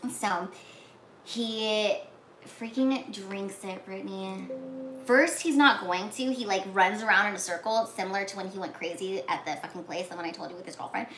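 A woman casually retelling a movie plot, talking with lots of "like"s and acting out the characters' lines in whispers and shouts. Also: medium pitch, normal speed. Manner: animated, many "like"s, acts out lines in whispers and shouts. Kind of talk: casual chat. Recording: echoey room with faint noise.

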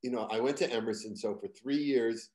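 An older man from Boston with a trained neutral American accent, a guest comedian telling stories in an interview and slipping into loud put-on local voices for punchlines. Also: medium pitch, brisk. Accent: General American, trained out of Boston. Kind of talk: interview storytelling.

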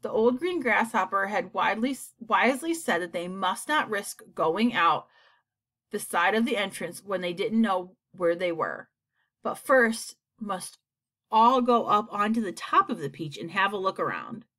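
Animated woman reading a storybook. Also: medium pitch, measured pace. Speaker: audiobook reader. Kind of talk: storybook narration.

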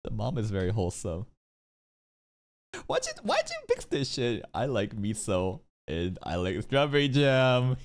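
A man's voice: medium pitch, huge pitch swings, unhurried, a little hiss or hum. A man giving casual, profane, joking commentary as he reacts to an anime episode.

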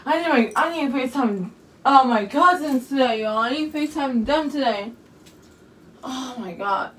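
High-voiced, anxious rambling woman vlogger. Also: lively intonation, moderate pace, a bit bright, distant mic, slight background noise. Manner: anxious, rambling, repeats herself, keeps saying "you guys" and "y'all". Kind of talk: casual vlog talk to camera.

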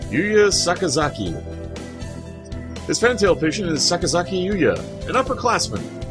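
Animated let's-play gamer man. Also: high-pitched, moderate pace, over music. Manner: animated, joking, swears casually. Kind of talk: let's-play narration reading a visual novel.

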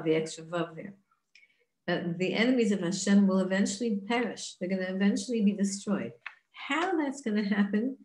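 A woman's voice: lowish voice, a little mellow, roomy sound. A woman giving an earnest, conversational Torah class, often asking rhetorical questions and restarting her sentences. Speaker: Torah teacher.

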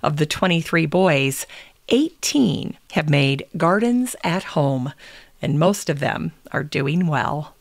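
A woman hosting a gardening podcast in scripted, unhurried narration, reading quotations aloud. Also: sits low, expressive, creaky, dry recording. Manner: unhurried, reads quotes aloud. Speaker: podcast host.

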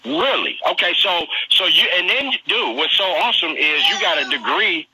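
A man hosting a live streamed interview, talking in an energetic, slangy hype style and repeating himself a lot. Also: high-pitched, moderate pace, husky, no room sound, rough recording. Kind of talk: hyped casual live interview.

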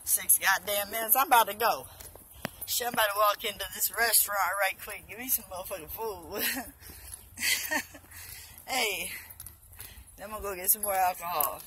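A woman's voice: medium pitch, normal speed, pauses often, bright, forceful tone, slight background noise, poor audio. A drunk young woman vlogging outdoors on her phone, rambling and swearing with loose banter. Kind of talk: casual rambling selfie vlog. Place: outdoors by a busy road.

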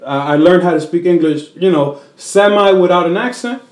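In an echoey room, a man with a high-pitched voice speaks at normal speed. He is a Dominican-born comedian guesting in a casual interview, and he tells stories animatedly, slipping between English and Spanish and doing different voices.

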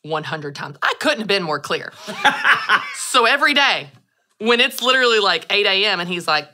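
A woman's voice: mid-range voice, expressive, normal speed, bright, forceful tone. A woman host in casual interview chat, upbeat and laughing often. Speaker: podcast host.

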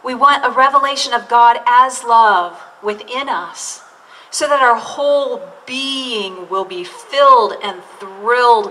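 A woman's voice: on the high side, bright, forceful tone, slight background noise. A woman pastor delivering a sermon, preaching in an earnest way and drawing out key words for emphasis. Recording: distant mic with faint room ambience.

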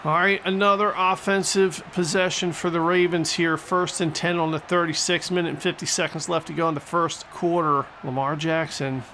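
Guy calling a football video game like an announcer, high bright voice, jokey and hyped. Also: normal speed, hardly any pauses, a little hiss or hum. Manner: excitable and jokey, mock-announcer delivery. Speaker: gaming commentator. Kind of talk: play-by-play commentary over a football video game.

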